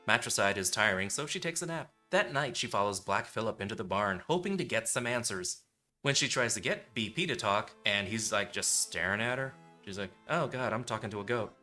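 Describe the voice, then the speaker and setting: Bright-voiced joking male movie reviewer. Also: fairly low pitch, expressive, brisk, soft background music. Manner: wisecracking, sarcastic, acts out quotes. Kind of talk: comedic movie review commentary.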